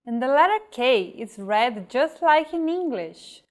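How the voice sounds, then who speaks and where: Slow, careful woman teacher. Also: high-pitched, sing-song. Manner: slow, careful, enunciating example words. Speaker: language teacher. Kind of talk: slow scripted pronunciation lesson.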